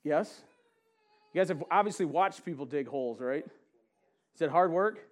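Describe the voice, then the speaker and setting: A man preaching a sermon to a congregation, chatting and asking them questions, then reading scripture slowly with emphasis. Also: a little high, animated. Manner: conversational, asks the congregation questions, laughs often. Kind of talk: sermon with audience interaction. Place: church sanctuary with a congregation.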